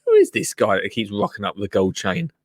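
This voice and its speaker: A man's voice: lowish voice, wildly swooping pitch, fast, no room sound. A man hosting a podcast, casually commenting on a TV show with teasing, joking asides. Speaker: podcast host.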